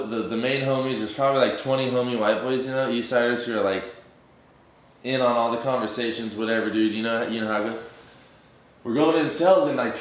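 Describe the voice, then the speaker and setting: A young man telling a rambling, profane story in slang, full of fillers. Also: mid-range voice. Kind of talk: casual storytelling. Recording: very echoey room.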